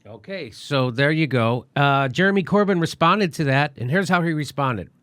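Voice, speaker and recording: Male comedian host, sarcastic casual commentary, slightly high voice. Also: lively intonation, normal speed, a bit bright, dry recording. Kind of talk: political commentary.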